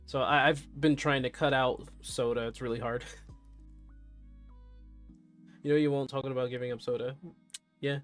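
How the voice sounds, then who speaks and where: A man's voice: medium pitch, steady tone, fairly quick, soft background music. A man hosting a live stream, chatting candidly and in a subdued way as he reacts to news and to his chat.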